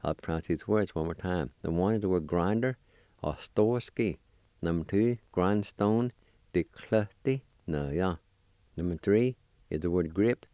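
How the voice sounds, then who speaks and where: A man giving a deliberate language lesson, spelling and pronouncing each word, repeating it slowly. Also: low-pitched, warm tone, no room sound, studio quality. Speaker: language teacher. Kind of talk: slow spelling and pronunciation lesson.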